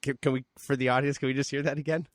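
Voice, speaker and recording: A man co-hosting a podcast in casual banter, goofy and deadpan, slipping into silly sound effects. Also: medium pitch, racing, noisy background. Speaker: podcast co-host. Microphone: studio mic.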